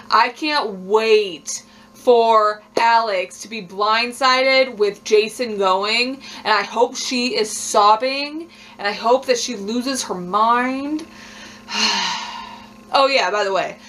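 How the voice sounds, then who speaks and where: A woman's voice: on the high side, fairly bright tone, a little hiss or hum. Sassy young woman recapping reality TV. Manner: sassy, laughing, blunt. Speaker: vlogger.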